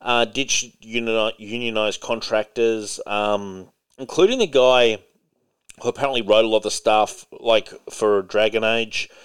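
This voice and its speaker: A man's voice: on the low side, steady tone, a little slow, clean tone. A man hosting a casual podcast chat, who laughs a lot and reads out news items with casual swearing. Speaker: podcast host.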